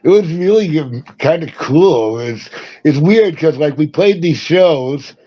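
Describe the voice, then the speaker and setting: A man who sings in a punk band, telling lively stories as a guest, acting out quoted voices and laughing often. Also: a little high, a little slow, no echo, dull audio. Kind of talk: casual interview storytelling.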